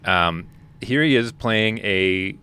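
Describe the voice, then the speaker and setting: A man's voice: on the low side, slow, pushed and bright, clean tone. A man in his forties co-hosting a casual podcast, opinionated and rambling with frequent restarts. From Manitoba, Canada. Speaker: podcast co-host.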